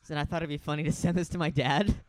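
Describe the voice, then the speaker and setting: A man's voice: a little high, fairly even intonation, fast, a little hiss or hum. A man co-hosting a podcast in casual chat, telling a rambling story and acting out the voices of the people in it. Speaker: podcast co-host.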